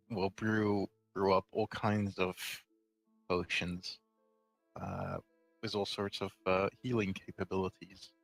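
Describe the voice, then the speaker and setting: A man's voice: low-pitched, poor audio. A man playing a tabletop game, speaking in a hesitant, stumbling way with many fillers. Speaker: player. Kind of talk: in-character tabletop chat.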